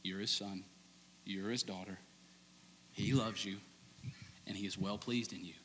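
Bright-voiced pastor preaching. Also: male voice, a little slow, a little hiss or hum. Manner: conversational storytelling, animated, ends low and hushed. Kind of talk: sermon. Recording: long reverb of a large hall.

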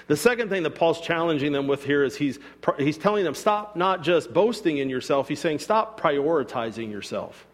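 High-voiced man preaching in a reverberant hall. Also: animated, normal speed, few pauses. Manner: conversational preaching, acting out quotes with sarcasm. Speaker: pastor. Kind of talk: sermon. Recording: long reverb of a church hall.

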